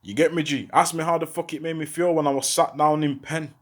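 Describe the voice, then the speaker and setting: Urgent high-voiced talker. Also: male voice, fairly quick, few pauses. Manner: urgent, repeats rhetorical questions, heavy street slang. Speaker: former prisoner speaking out. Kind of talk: impassioned monologue to camera.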